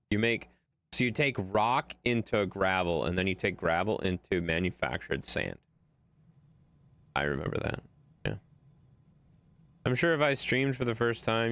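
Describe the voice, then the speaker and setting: A man's voice: low voice, vocal fry, a bit bright. A man streaming a game late at night, chatting loosely with viewers and his dog and swearing freely. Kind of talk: casual livestream gameplay commentary.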